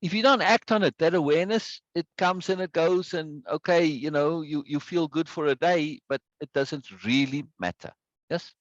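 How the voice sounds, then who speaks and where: A man's voice: on the high side, normal speed, no room sound, muffled recording. A man teaching a live online self-help course, stressing points by repeating words and reading viewers' chat aloud. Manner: greets viewers by name from chat.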